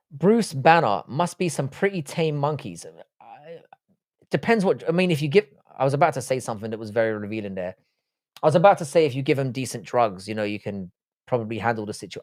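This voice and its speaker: A man's voice: medium pitch, expressive, a little fast, dry recording. Profane, joking man on a dry mic. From England. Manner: crude, profane banter with chat. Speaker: live stream host. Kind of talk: casual live chat, reading viewer comments.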